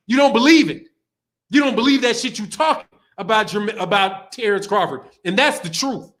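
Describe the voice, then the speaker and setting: Hosting his boxing livestream, this man rants angrily and swears, laughing a lot and saying the same things over. His voice is high with lively intonation, a touch bright, and moves at a moderate speed.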